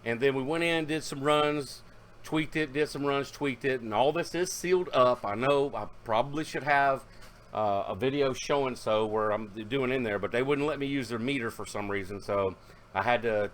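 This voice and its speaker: A man narrates his car audio hobby vlog in a loose, rambling way full of fillers and self-corrections. His mid-range voice has a fairly bright tone at a normal speed.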